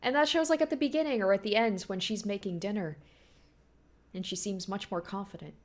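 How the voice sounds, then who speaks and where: A woman's voice: mid-range voice, a little fast. A woman hosting a casual anime reaction, chatting along, often laughing and quoting the characters. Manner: chatty, animated, lots of "like" and laughter.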